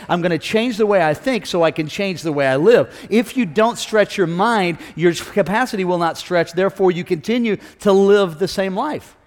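A fairly high-voiced man preaches with energy and humor in a large church. His voice rings with a long hall reverb, and he keeps pulling the congregation in with call-outs. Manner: energetic, joking, calls out to the congregation. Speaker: senior pastor. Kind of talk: sermon with jokes.

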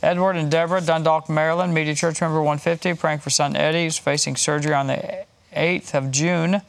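A man's voice: fairly high pitch, steady tone, a little fast, gravelly. A man hosting a Christian broadcast, reading donors' names, places and prayer requests with light chuckles. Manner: warm, chuckling, reads names and places in a list. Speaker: host reading donations.

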